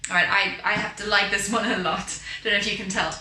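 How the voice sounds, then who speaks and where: Leading a beginners' singing class, this vocal coach speaks fast in a steady, medium-pitched voice, demonstrating exercises and exaggerating her pronunciation. Piano plays behind her in a roomy-sounding space.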